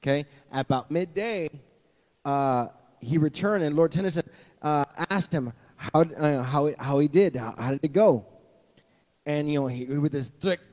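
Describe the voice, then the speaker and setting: A man's voice: on the high side, normal speed, darkish tone. A male pastor preaching a conversational sermon with asides to the congregation. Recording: long reverb from a church hall.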